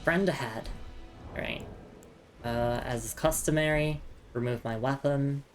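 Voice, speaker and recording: Woman streamer, very deep voice, relaxed chatty commentary over soft game music. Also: unhurried. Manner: chatty, reads item text aloud. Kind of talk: casual gameplay commentary.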